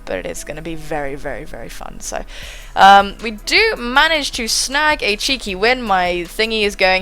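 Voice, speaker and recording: Young woman, bright animated commentary, excitable and sweary, faint game music behind. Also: mid-range voice, normal speed. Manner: excitable, swears casually, thinks aloud. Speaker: gaming channel host.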